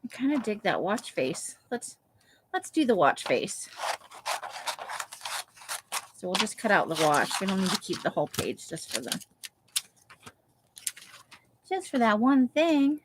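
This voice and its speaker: A woman's voice: medium pitch, sing-song, measured pace, long pauses, noisy background. A woman hosting a live craft session, chatting casually and thinking aloud while she cuts pictures from magazines. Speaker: craft livestream host. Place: home craft room, Las Vegas.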